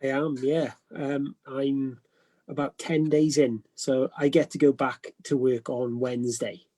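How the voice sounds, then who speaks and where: A man's voice: mid-range voice, flat delivery, unhurried, mellow, rough recording. A Welsh man on a video call from home, chatting hesitantly with many ums and laughing easily. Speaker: guest barber. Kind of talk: casual chat. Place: at home, isolating.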